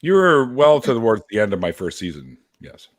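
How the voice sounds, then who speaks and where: A man with a West Coast Canadian accent hosting a casual live-stream chat, relaxed and chatty. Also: fairly low pitch, normal speed, no room sound. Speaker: host.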